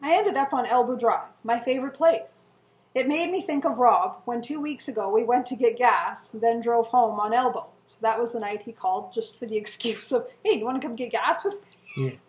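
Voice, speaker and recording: A middle-aged woman reading her old journal entries aloud to viewers in an earnest, emotional way, with soft laughs and sighs. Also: on the high side, moderate pace. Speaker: co-host. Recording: echoey room.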